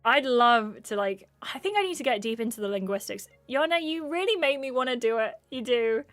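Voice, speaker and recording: A woman's voice: fairly high pitch, lively intonation, brisk, a bit bright, no echo, soft background music. An English woman streaming casually, chatting with her viewers in a rambling way and laughing often. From England. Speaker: streamer reading chat. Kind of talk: casual livestream chat.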